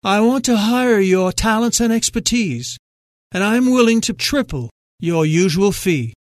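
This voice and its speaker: A man's voice: high voice, lively intonation, a little slow, no echo, clean studio sound, voice pushed up. A man doing a frail old British collector. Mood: measured. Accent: British upper-class. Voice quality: slightly slurred.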